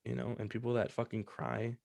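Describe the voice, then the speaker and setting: A man's voice: medium pitch, little pitch movement, fairly quick, vocal fry, a little mellow, dry recording. A young man hosting a podcast, telling a personal story in casual, profane chat full of fillers. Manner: loose and profane, many fillers. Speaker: podcast host.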